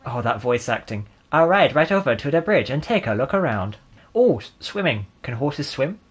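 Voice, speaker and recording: A man's voice: medium pitch, sing-song, moderate pace, husky. A man in his twenties giving sarcastic, jokey let's-play gaming commentary and laughing often. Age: 20s. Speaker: gaming channel host.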